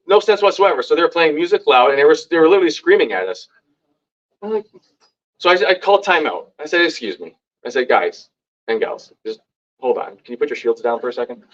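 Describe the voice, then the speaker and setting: A man telling stories to a live audience at a community meeting, lively and acting out what others said. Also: muffled recording. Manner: lively, acts out quoted lines with big pitch jumps. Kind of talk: animated storytelling to a live audience. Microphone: hand-held microphone.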